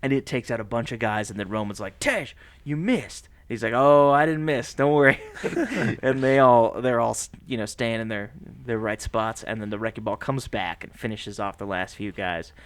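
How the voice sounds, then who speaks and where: A man co-hosting a podcast, recapping a movie plot in a casual, animated way, laughing often and slipping into voices for the characters. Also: mid-range voice, normal speed, hardly any pauses, no echo. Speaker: podcast co-host.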